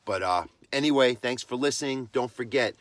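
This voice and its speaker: A man's voice: medium pitch, fairly quick, no room sound. A man who trains dogs, hosting his own podcast and delivering a blunt, impassioned monologue. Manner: impassioned ranting, blunt and emphatic. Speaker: podcast host and dog trainer.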